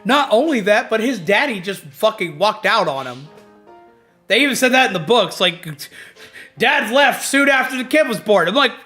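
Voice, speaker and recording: High, lively ranting male streamer. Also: normal speed. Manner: animated, profane ranting. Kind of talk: casual gaming livestream commentary. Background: faint background music.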